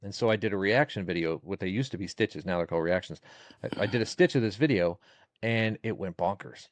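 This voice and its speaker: A man chatting as a podcast guest in a relaxed, talkative, earnest way. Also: deep voice, brisk, no room sound. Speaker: guest, social media creator. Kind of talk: casual interview chat.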